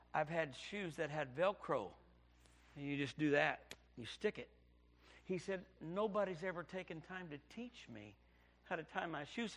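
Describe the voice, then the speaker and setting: A pastor delivering a sermon in a high, light voice. He drops to hushed storytelling, then rises into loud, pleading cries as he drives his points home. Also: vocal fry.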